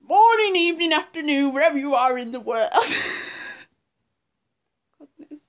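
A woman doing an impression of a manic male YouTuber, shouting a crazy over-the-top greeting. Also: high voice, expressive, fast, voice pushed up.

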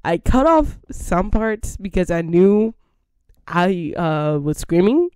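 A woman's voice: lowish voice, very animated, takes it slowly, darkish tone, smooth, dry recording, clean studio sound. A woman gaming creator chatting casually to her viewers, rambling, giggly and repeating herself.

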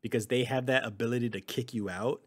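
A man's voice: medium pitch, steady tone, fast talker, breathy edge. A man co-hosting a gaming podcast in casual chat, easygoing, with lots of fillers and casual swearing. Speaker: podcast co-host.

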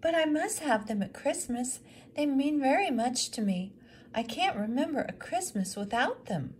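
A woman's voice: sits high, lively intonation, normal speed, voice pushed up. A woman voicing a polite, earnest widow in a read-aloud story. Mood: pleading.

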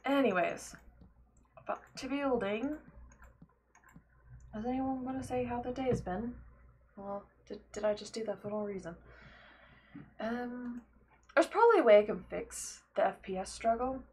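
A young woman live-streaming a game, chatting loosely to her viewers with lots of fillers and quick laughs. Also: a little high, darkish tone, slightly rough. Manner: rambling, filler-heavy, laughs often, talks to chat. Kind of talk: casual gameplay live stream chat.

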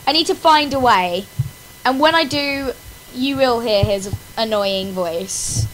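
A woman with a high, bright-pitched voice talks through a video game she is struggling with. She drags her words out slowly and makes self-mocking, melodramatic complaints, breaking into wails and laughter. A faint hiss sits under her desktop mic. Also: low-quality recording. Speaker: gaming channel host. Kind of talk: casual gameplay commentary.

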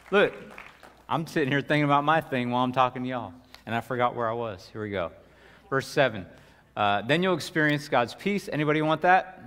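A man's voice: on the low side, a bit bright, a little hiss or hum. A middle-aged male pastor preaching a sermon in a casual, folksy way, full of asides and repeated words. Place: church sanctuary. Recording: reverberant church hall.

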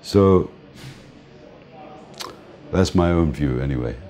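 An older man, a music manager, telling anecdotes in an interview, animated, laughing often and acting out the people he quotes. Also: very deep voice, takes it slowly.

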